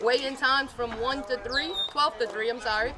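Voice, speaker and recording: A woman volunteer describing a fundraising event outdoors, brisk and informative. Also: high-pitched, fairly even intonation. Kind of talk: interview answers. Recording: outdoors with loud crowd.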